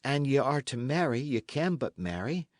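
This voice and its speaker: A man voicing a timid, gentle young runaway who pleads softly and anxiously in an old-fashioned storybook tale. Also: mid-range voice, big pitch swings, normal speed, no echo, studio quality, voice pushed up, natural voice. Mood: pleading. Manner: soft, anxious, imploring.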